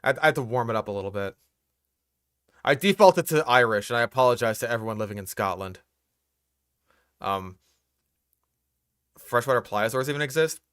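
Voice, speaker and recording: A man's voice: medium pitch, lively intonation, normal speed, long pauses, a bit bright, clean tone, no room sound, studio quality. A young man hosting a reaction commentary, exasperated and profane, picking apart what he hears. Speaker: host reacting to a video.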